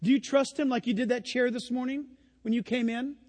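A man's voice: very high voice, fairly even intonation, a little fast, a little mellow, in a large hall. A male pastor preaching a sermon in a church, telling stories and asking the congregation questions. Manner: conversational storytelling, rhetorical questions to the congregation.

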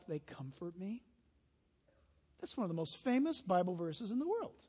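A man preaching a sermon as pastor, telling stories with lively imitations of honking geese. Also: extremely high pitch, long reverb tail.

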